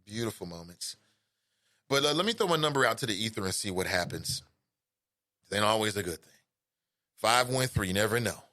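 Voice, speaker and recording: A middle-aged man with a Cincinnati, Ohio accent hosts a relaxed call-in radio show, rambling conversationally and throwing playful asides to listeners. His fairly low voice is animated, brisk, and sharp, with frequent pauses. Studio-quality audio with no room sound.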